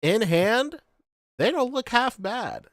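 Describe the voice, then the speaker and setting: A man's voice: very high voice, big pitch swings, slow, no room sound, clean studio sound. A man co-hosting a toy and comic podcast, telling stories in casual chat, laughing often and swearing. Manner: laughs a lot, swears, rambling storyteller. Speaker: podcast co-host.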